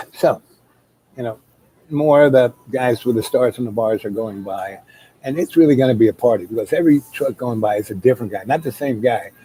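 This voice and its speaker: A man's voice: mid-range voice, fairly quick, darkish tone, breathy edge, low-quality recording. A man telling a long personal story in a loose, rambling way, full of fillers and restarts. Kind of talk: casual spoken storytelling.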